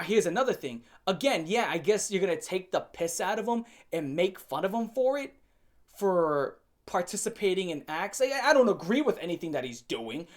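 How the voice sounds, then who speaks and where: Woman ranting on her channel, blunt and sweary, sarcastic, voice jumps around a lot when she hammers a point. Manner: emphatic, swings up and down in pitch and loudness. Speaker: commentary channel host. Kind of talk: opinion rant to camera.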